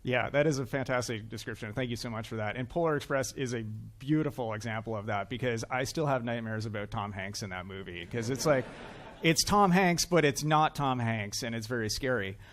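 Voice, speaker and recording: A man's voice: medium pitch, quick pace, hardly any pauses. A man giving a conference talk on stage, chatty and self-deprecating, with frequent uhs. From Canada. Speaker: conference speaker. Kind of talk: joking tech conference talk. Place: conference hall, live audience.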